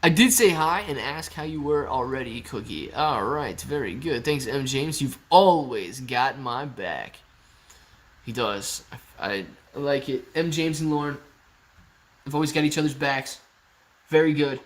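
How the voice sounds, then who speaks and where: A man's voice: medium pitch, measured pace. A young man from Ohio hosting a casual stock livestream, reading chat comments aloud in an upbeat, jokey way.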